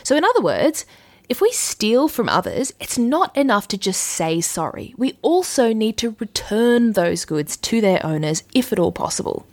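A woman hosts a casual teaching episode with a bouncy, expressive voice that rises and falls freely. She is chatty and quick to laugh between points. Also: fairly high pitch. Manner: lively, chatty, laughs often. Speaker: religious teacher, host. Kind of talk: casual explainer lesson.

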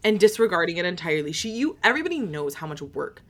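A woman's voice: lowish voice, big pitch swings, fast talker. A young woman from Michigan co-hosting a casual book chat, rambling and often restarting her sentences.

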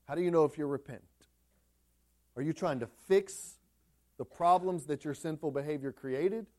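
A male preacher delivering a sermon in an emphatic way, rising to loud peaks and dropping to quiet, intense passages. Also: a little high, moderate pace.

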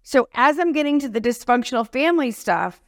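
Animated self-deprecating woman comedian. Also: sits high, a little fast, no echo, studio quality. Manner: animated, self-deprecating, acts out quoted lines. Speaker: comedian and speaker, interview guest. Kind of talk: casual interview storytelling.

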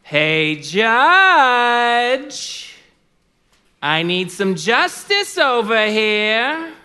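A man acting out a desperate, persistent widow who loudly demands justice. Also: extremely high pitch, very animated, very slow, clean tone, pitched above the performer's own voice, full character voice. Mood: demanding. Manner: shouting insistent demands. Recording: long reverb of a large hall.

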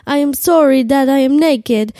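A woman's voice: high-pitched, normal speed, mellow, no echo, clean studio sound, pitched above the performer's own voice, lightly acted. A woman putting on the voice of an overexcited young male tour guide with a Costa Rican accent and broken English. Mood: eager.

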